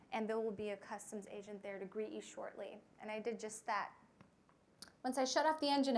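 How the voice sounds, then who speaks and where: A young woman pilot telling a flying story to an audience, with frequent fillers and lively quoted voices. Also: on the high side. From United States. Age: young adult. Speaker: pilot giving a talk.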